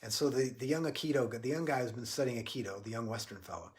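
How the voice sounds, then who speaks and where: A man giving a livestreamed spiritual talk, earnest and halting, often restarting his sentences. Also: medium pitch. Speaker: spiritual teacher.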